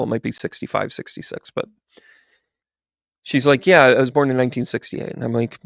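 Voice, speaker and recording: In a livestreamed tarot reading and chat, a man who works as a medium tells stories with animation and acts out the quoted voices. His mid-range voice carries vocal fry, and the clean studio sound has no echo.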